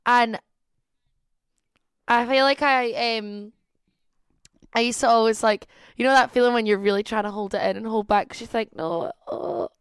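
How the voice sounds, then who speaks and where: A woman's voice: a little high, fairly even intonation, moderate pace, pauses often, clean tone, dry recording, clean studio sound. Giggly woman chatting on a podcast. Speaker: podcast co-host. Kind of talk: casual chat.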